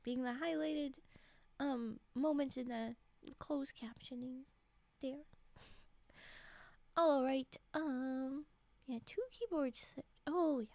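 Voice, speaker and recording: A woman streamer in casual, playful chat who rambles, stammers when flustered and often drops into a soft whisper. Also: high-pitched, fairly even intonation, drawn-out words, creaky, long pauses, dry recording. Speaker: streamer and storyteller.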